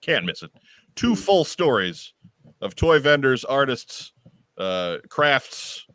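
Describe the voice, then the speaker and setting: A man hosting a podcast in casual chat, reading event details with wry, deadpan asides. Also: medium pitch, slow pace, no room sound. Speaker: podcast host.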